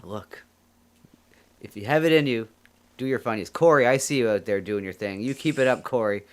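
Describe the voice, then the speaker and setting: A man's voice: mid-range voice, moderate pace. A man hosting a livestream in casual chat, joking and rambling, often laughing. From Canada. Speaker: livestream host.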